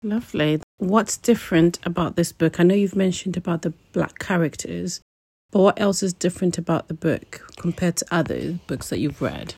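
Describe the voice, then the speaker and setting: A woman with a low pitch leads a friendly interview, offering short encouraging prompts. She reads a book passage aloud now and then. The sound is dry and close. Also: expressive, moderate pace, darkish tone, breathy edge, no echo.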